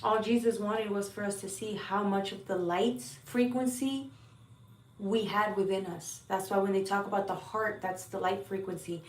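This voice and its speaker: A woman reads tarot for her viewers in an earnest, heartfelt way, repeating herself as she talks. She sits back from the mic, and her voice carries a roomy echo. Her pitch sits in an ordinary middle range. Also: steady tone, moderate pace, far from the mic. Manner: earnest, heartfelt, repeats words, swears now and then. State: emotional at times. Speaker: tarot reader. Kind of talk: spiritual tarot reading to viewers.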